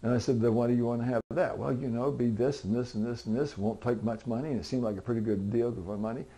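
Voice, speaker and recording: A middle-aged man gives a folksy sermon full of homespun stories. His voice sits at a medium pitch. He keeps slipping into the voices of the people he talks about, and at times he rises into loud, high-pitched pleading before easing back down. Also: steady tone, fast talker. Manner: conversational storytelling, voicing other people in dialogue; swings to loud, high, pleading outbursts for emphasis. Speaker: pastor.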